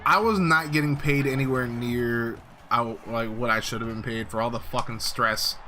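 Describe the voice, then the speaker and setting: A man's voice: mid-range voice, steady tone, normal speed, pushed and bright, slight background noise. A young man streaming a football video game, chatting bluntly and profanely with lots of fillers. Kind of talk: casual live-stream chat and game reactions.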